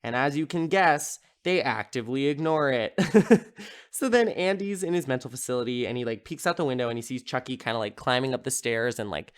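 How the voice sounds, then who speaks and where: A man's voice: medium pitch, clear, resonant tone. A man hosting a podcast, casually recapping a horror film in a rambling, amused way, with lots of filler words. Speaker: podcast host.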